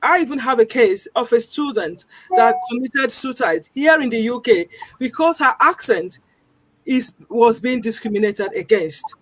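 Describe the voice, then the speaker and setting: A woman's voice: a little high, animated, moderate pace, slight background noise. A woman speaking as a guest campaigner, earnest and persuasive, stressing her points and repeating them. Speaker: guest campaigner on accent discrimination. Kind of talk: earnest studio talk. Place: lives in northern England.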